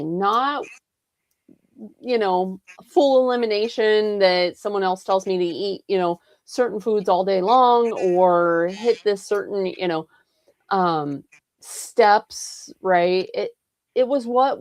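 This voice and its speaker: A woman's voice: medium pitch, darkish tone, no room sound, clean studio sound. A woman in a roundtable chat, explaining her views in an earnest way, often checking in with "right?" and "you know". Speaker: roundtable participant, health coach.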